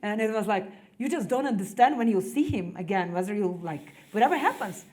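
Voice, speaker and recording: A woman in her thirties from Ukraine with a Ukrainian accent, giving earnest personal testimony to an audience in halting English full of "like" fillers. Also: mid-range voice, animated, a little mellow. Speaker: executive director speaking to an audience. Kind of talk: personal testimony, conversational speech.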